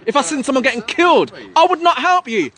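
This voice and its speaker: Guy yelling at cops out on the street, high sharp voice, keeps repeating himself. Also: animated, quick pace. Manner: aggressive, insulting, repeats himself. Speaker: passer-by arguing with police officers. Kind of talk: heated street argument. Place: outdoors on a street by a police van.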